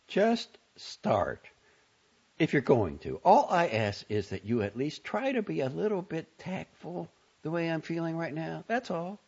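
A man's voice: a little high, big pitch swings, unhurried, vocal fry, slightly rough, voice pushed up, full character voice. A man voicing a nervous, exasperated young woman in an audiobook reading, talking sharply and pleadingly. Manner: sharp, pleading, raised in heat. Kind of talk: audiobook character voice. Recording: dull lo-fi audio.

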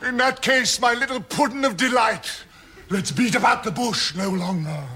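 A man's voice: extremely high pitch, normal speed, very noisy. An actor playing a bawdy, blustering old male pirate captain in a comedy audio drama, bellowing and lecherous. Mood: leering. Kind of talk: comic audio drama acting.

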